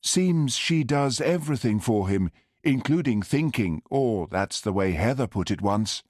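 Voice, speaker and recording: A man's voice: medium pitch, expressive, a little slow, darkish tone, no echo, studio quality, voice pushed up. A man voicing a chatty, anxious woman who runs a hotel, in an audiobook. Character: worried hotel hostess, woman.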